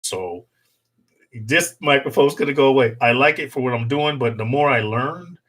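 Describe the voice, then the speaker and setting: A man's voice: mid-range voice, moderate pace, fairly bright tone, husky. A middle-aged man hosting a casual livestream chat from home into a desktop USB mic, rambling and joking with his viewers and laughing often. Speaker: channel host. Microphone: desktop USB microphone.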